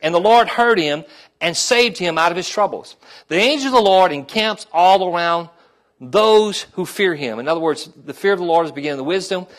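A male pastor preaching a sermon in a conversational way, repeating phrases and often asking the congregation "amen?", rising in pitch and volume as he stirs them up. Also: expressive, a little fast, fairly bright tone. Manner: rises in pitch and volume when stirring the congregation.

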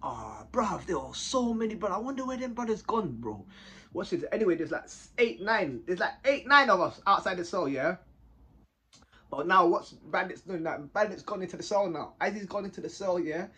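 A young man telling a story to camera in a casual, animated, slang-heavy way, often tagging lines with short questions. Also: sits high, normal speed, breathy edge. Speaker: vlogger telling a prison story.

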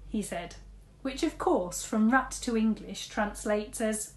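A woman teacher reading a storybook aloud, lively, switching between big shouts and soft whispers for the characters. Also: mid-range voice, normal speed, echoey room.

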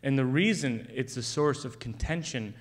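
A man telling a long comic story on stage, with a dry, wry, deadpan delivery. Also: medium pitch, normal speed. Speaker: comedian. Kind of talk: stand-up storytelling.

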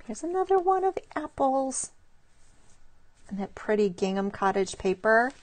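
A woman's voice: on the high side, sing-song, moderate pace. Chatty woman showing handmade cards. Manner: chatty and admiring, greets viewers by name. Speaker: stamping demonstrator showing cards to live viewers. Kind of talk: casual live craft show-and-tell.

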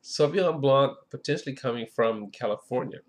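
A man's voice: medium pitch, a little fast. A man hosting a casual wine tasting review, chatty and enthusiastic, with lots of filler phrases.

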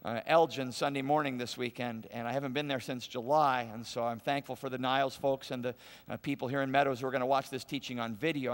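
A man preaches to a congregation in a large church auditorium. He moves between easy storytelling and insistent repetition to land his points. His voice is gravelly at a middle pitch, and a long reverb trails off the walls. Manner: conversational storytelling, emphatic repetition. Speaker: pastor. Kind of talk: sermon.

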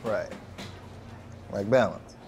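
A man's voice: on the low side, takes it slowly, a little hiss or hum. Man playing a terse cold hitman. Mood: firm, dismissive. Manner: clipped, flat, dismissive. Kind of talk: web series drama acting.

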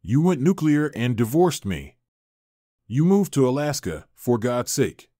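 A man's voice: mid-range voice, big pitch swings, unhurried, mellow, no room sound, studio quality. A man reading the lines of a young estranged wife, heated and pleading, in a story reading. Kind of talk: audiobook character reading.

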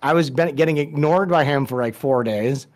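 A man's voice: a little high, normal speed, darkish tone. A man telling a story as a podcast guest, casual, profane and rambling, with many restarts.

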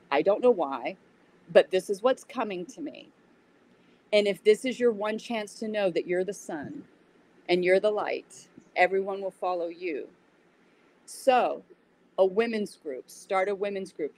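A woman guest in an interview, telling a story in a casual, animated way and acting out what people said. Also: medium pitch, rough recording. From United States. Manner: animated retelling with acted-out quotes. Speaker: interview guest, yoga teacher.

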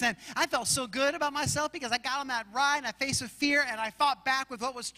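Male pastor, very high voice, bright tone, animated storytelling sermon. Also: fast, few pauses, in a large hall. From Arizona, USA. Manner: animated storytelling, acts out shouts and roars.

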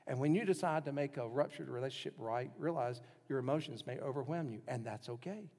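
A male pastor preaching a sermon, swinging from strong, raised lines down to hushed, near-whispered ones. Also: medium pitch, a little fast, gravelly, in a large hall. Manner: dramatic shifts in loudness, dropping to near whispers.

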